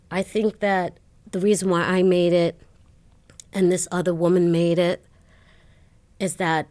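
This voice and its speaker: A middle-aged woman being interviewed, telling her life story with animated retellings of dialogue and frequent laughter. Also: fairly low pitch. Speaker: interview guest.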